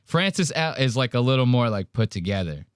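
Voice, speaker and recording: A man hosting a podcast, telling a story in casual banter with crude, animated mocking impressions. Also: medium pitch, fairly quick, smooth, no echo, studio quality. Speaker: podcast host.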